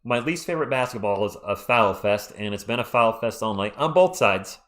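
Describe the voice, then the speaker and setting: A man, hoarse and losing his voice, doing fan play-by-play on a live stream and ranting about referee calls. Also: mid-range voice, animated, a little fast, fairly bright tone.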